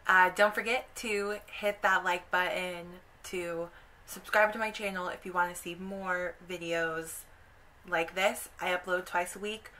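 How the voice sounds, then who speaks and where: A woman's voice: on the low side, bright, forceful tone, slight background noise, low-quality recording. A woman YouTuber casually retelling an opera's story, chatty with lots of "like" and "kind of".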